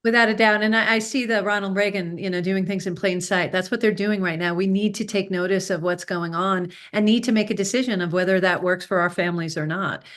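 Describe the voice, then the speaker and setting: A woman hosts a relaxed interview and talks in an earnest, animated way. Her voice sits at a typical pitch for a woman. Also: a little fast, few pauses. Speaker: host and success coach. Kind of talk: casual interview chat.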